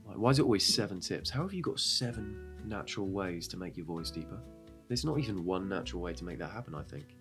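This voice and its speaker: Sarcastic man with a low voice. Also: expressive, fast talker, over music. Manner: sarcastic, crude joking asides. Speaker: reaction video host. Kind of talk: casual reaction commentary. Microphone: desk microphone.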